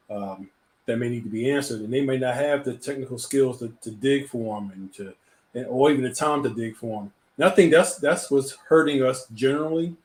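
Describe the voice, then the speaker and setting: A man's voice: mid-range voice, darkish tone. A man hosting a live talk show, chatting casually and often repeating words as he gets a thought going. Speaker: host.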